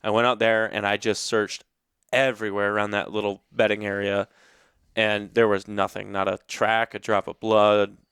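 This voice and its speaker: Smooth-voiced man telling a hunting story. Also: on the low side, flat delivery, moderate pace, a bit bright, no echo, studio quality. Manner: earnest, emotional retelling with many restarts. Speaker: podcast host. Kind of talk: casual storytelling.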